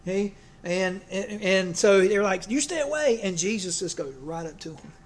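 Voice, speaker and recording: A man's voice: high voice, fairly even intonation, normal speed. A man preaching a folksy sermon, joking and often restarting his sentences. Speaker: pastor.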